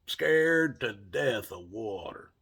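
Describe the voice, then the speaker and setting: Slow gravelly Appalachian storyteller man. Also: medium pitch, animated, fairly bright tone. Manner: drawling, plainspoken, cusses casually. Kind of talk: folksy storytelling monologue.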